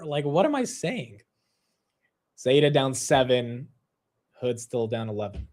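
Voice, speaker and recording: A man's voice: mid-range voice, big pitch swings, darkish tone. A young man hosting a live stock market stream, chatting casually and laughing at himself. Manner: self-deprecating, quick-shifting, laughs at himself.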